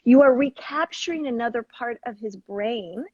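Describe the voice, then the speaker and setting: A woman's voice: on the high side, moderate pace, a little mellow, slightly rough, dry recording, lo-fi sound. A woman host explaining techniques in an earnest, coaching tone. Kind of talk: conversational teaching.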